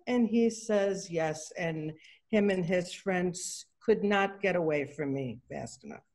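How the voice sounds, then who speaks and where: A woman's voice: fairly low pitch, slow pace, a little mellow. A middle-aged woman telling a story over a video call, chatty and loose. She slips into the voices of the people in her tale, with plenty of ums and restarts along the way. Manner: chatty, acts out quoted dialogue, many fillers and restarts. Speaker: artist giving a talk. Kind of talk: casual anecdotal storytelling.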